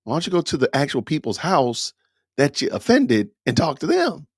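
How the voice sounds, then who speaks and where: A man's voice: fairly high pitch, huge pitch swings, moderate pace, breathy edge, no echo, clean studio sound. A man hosting a podcast, giving emphatic, scolding commentary with a preacher-like cadence. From Atlanta. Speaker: podcast host. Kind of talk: commentary on a news clip.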